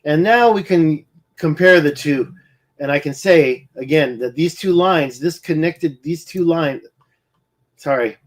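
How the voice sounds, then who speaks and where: A man's voice: on the high side, measured pace. A man rambling through a screen-share of satellite maps, muttering, restarting his sentences and getting sidetracked by hiccups. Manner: distracted, muttering, self-correcting. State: hiccuping, eye twitching. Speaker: independent researcher presenting maps.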